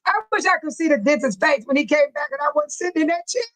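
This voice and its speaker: High-voiced woman hosting a casual stream. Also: very animated, fast talker, fairly bright tone, low-quality recording. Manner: chatty, laughing often, colloquial storytelling. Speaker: live stream host. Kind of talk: casual chat with viewers.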